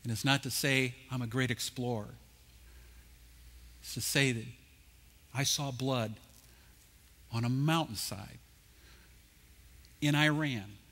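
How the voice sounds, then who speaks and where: A man speaking at a conference, telling animated anecdotes with jokes. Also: mid-range voice, slow, long pauses. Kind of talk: storytelling talk. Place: conference stage.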